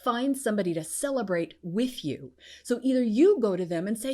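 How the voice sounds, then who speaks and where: Bubbly woman host with lively pitch. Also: a little fast, few pauses. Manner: bubbly, bursts into high cheers of yay. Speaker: podcast host and business coach. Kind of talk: enthusiastic solo podcast talk.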